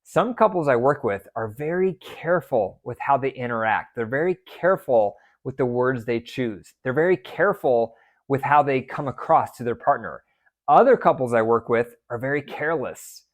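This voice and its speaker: A man's voice: mid-range voice, expressive, normal speed. Man, therapist podcast host, emphatic, repeats key phrases, marriage advice talk.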